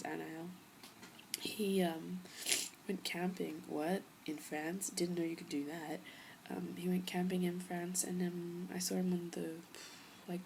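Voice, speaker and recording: A young woman chatting to camera in a rambling, casual way, her low voice full of gravelly fry. She drops into whispers now and then for emphasis, with a faint hiss underneath. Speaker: vlogger. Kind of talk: casual storytelling vlog.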